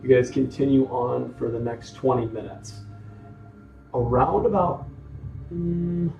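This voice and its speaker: A man's voice: mid-range voice, unhurried, creaky, darkish tone, muffled recording, soft background music. A man running a tabletop game as game master, narrating casually with frequent restarts, recorded in an echoey room. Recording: echoey room, faint noise.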